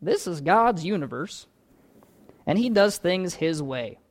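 A man putting on a slow little old radio preacher. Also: high voice, lively intonation. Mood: solemn.

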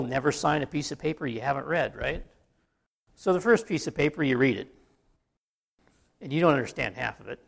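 A pastor giving a relaxed, conversational sermon, folksy and joking, often restarting his sentences. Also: on the high side, vocal fry.

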